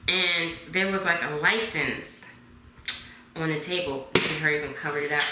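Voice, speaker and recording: A woman in her twenties telling a dramatic storytime vlog, dropping to hushed whispers at times. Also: low-pitched, fairly even intonation, a little slow, a little hiss or hum. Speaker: vlogger. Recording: echoey room.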